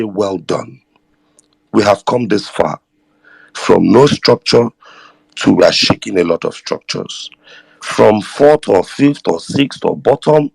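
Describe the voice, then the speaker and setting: Gravelly Nigerian man, lively delivery. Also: medium pitch, dry recording. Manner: emphatic and sweeping, mixing English with pidgin. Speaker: co-host of a live audio chat room. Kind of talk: casual live talk-room chat.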